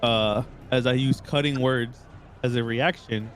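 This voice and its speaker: A man's voice: mid-range voice, fairly even intonation, a little slow. Man explaining a game move. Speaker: player. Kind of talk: tabletop game chat.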